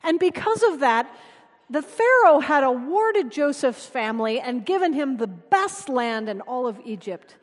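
A woman preacher giving a sermon, telling stories earnestly and dropping her voice soft for emphasis. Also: high-pitched, lively intonation, unhurried, long reverb tail. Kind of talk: sermon with storytelling.

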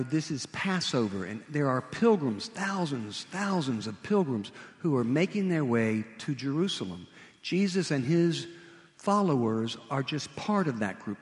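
An animated male preacher tells a story at a slow, deliberate pace. His voice rises and falls freely over a fairly high register. A long hall reverb trails each phrase. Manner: animated storytelling with vivid retelling. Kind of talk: sermon.

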